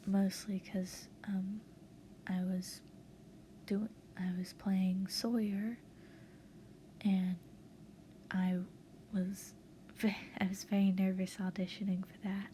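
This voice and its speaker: A woman voice artist giving tips in a casual voiceover, with a soft, half-whispered, hesitant delivery. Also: mid-range voice, level tone, slow, long pauses, a little hiss or hum. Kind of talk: casual voiceover over a speedpaint.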